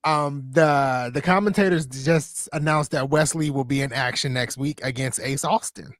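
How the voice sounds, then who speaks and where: A man's voice: medium pitch, normal speed, no room sound, studio quality. A man on a casual live wrestling stream who chimes in with agreeable, easygoing remarks. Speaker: co-host.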